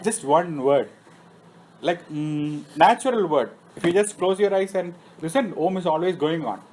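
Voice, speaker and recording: A man's voice: fairly high pitch, normal speed, darkish tone, a little hiss or hum, low-quality recording. A man lecturing on Vedic philosophy who recites Sanskrit terms and then explains them, often asking himself a question and answering it. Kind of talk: scripture lecture. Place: temple meeting room.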